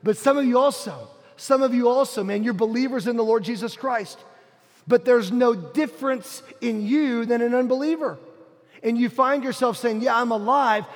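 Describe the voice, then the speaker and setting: A middle-aged man preaching a sermon, telling a personal story earnestly, dropping to a hush and rising to a shout. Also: very high voice. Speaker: pastor. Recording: long hall reverb.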